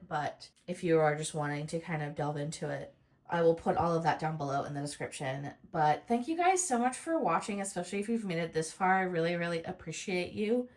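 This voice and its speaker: A woman making a casual crafting vlog, speaking in a soft, heartfelt, rambling way. She sounds tearful and close to crying. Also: lowish voice. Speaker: crafting YouTuber.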